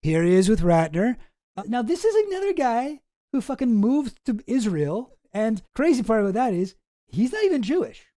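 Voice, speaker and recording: A man's voice: very high-pitched, very animated, moderate pace, warm tone, dry recording. A man hosting a commentary channel, talking in a casual, rambling, sarcastic way and swearing often.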